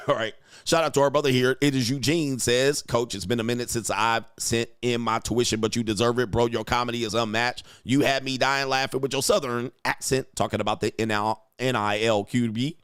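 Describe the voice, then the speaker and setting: A young man coaching on dating hosts a loose livestream, reading out viewer messages one after another. He talks bluntly, in street slang and with plenty of swearing, at an ordinary middle pitch. The recording is dry and close, with no room echo. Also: steady tone, brisk, few pauses, fairly bright tone, clear, resonant tone. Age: young adult. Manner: blunt, profane, slangy ranting. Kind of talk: livestream chat, reading viewer donations aloud.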